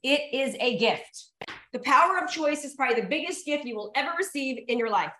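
A motivational speaker addresses a live audience in a high, sharp voice with lively intonation and a fairly quick pace. She's emphatic and repetitive as she coaxes the crowd, recorded in an echoey room.

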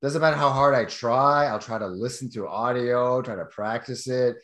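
Animated man telling stories, echoey room. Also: medium pitch, normal speed. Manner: animated storyteller, laughs often. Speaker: podcast co-host. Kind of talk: casual chat.

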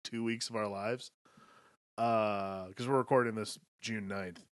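A man's voice: fairly low pitch, steady tone, a little slow, no room sound, studio quality. Rambling man in casual podcast chat. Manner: rambling, filler-heavy, profane. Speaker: podcast co-host.

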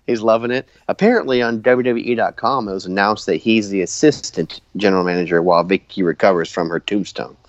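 A man with a lowish voice chats casually, laughing often and slipping into quoted lines as he goes. The sound is dry and a bit dull, like a lo-fi home mic. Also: brisk, few pauses, no echo. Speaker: podcast host. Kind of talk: casual chat recapping wrestling.

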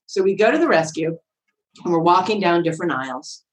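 A woman podcast guest telling a story in a chatty, animated way, often acting out voices with big swings in pitch. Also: fairly quick, low-quality recording. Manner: chatty, frequent fillers like "like" and "right?". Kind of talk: casual storytelling.

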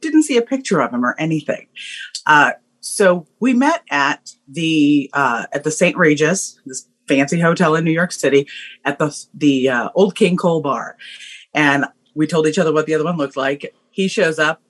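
A woman guest on a podcast, telling a personal story in an animated way, acting out voices and laughing often. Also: low-pitched, moderate pace.

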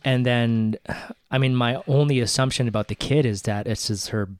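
A man's voice: medium pitch, steady tone, moderate pace, clear, resonant tone, no room sound, studio quality. A man chatting casually on a podcast, hesitant and rambling, with lots of fillers and swearing. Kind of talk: casual chat.

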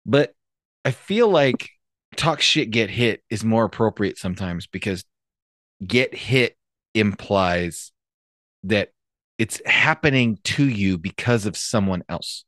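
A man's voice: fairly low pitch, expressive, slow pace, a bit bright, no echo, studio quality. A man co-hosting a podcast, cracking profane jokes in casual chat. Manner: wisecracking, profane. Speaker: podcast co-host.

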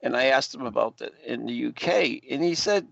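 A man hosting a talk show, chatting casually with animated interjections and frequent laughs and a gravelly voice. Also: medium pitch, brisk, no room sound. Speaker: podcast host. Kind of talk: casual chat. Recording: dry dull lo-fi audio.

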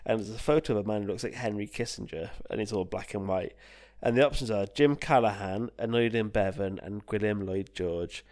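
A man's voice: lowish voice, fairly quick, few pauses, darkish tone. A man, co-hosting a history podcast, reading quiz questions aloud with teasing, sweary banter. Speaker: podcast co-host.

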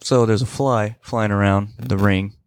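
A man's voice: on the low side, fairly even intonation, unhurried, smooth, no echo, studio quality. A man co-hosting a podcast, chatting playfully and acting out silly scenes between laughs. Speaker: podcast co-host. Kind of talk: casual chat.

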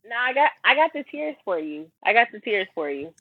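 A woman's voice: fairly high pitch, sing-song, a little fast, breathy edge, no echo. A woman guest on a podcast, talking in a casual, confident, slangy way and laughing often. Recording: dry, tinny phone-like line.

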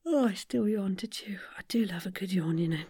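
A woman coaching voice actors, guiding warm-up exercises and tongue twisters in a playful, encouraging way. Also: medium pitch, fairly quick, breathy edge, no room sound, studio quality. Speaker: voice acting coach. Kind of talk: guided vocal warm-up.

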